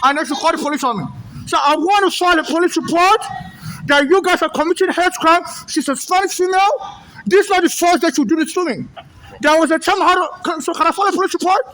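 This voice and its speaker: Filming on a handheld phone in a subway station, a Nigerian man records an agitated confrontation, his voice muffled by a face mask. He is agitated, speaks at an extremely high pitch and a quick pace, stammers, repeats himself and often shouts, with a little hiss or hum in the audio.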